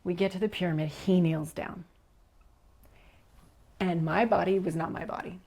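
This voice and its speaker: A woman guest recounting a personal experience in an interview, animated and giggly, acting out quotes and dropping to a whisper at tense moments. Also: on the low side, normal speed, breathy edge. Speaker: leadership coach, guest. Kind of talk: personal storytelling in a podcast interview.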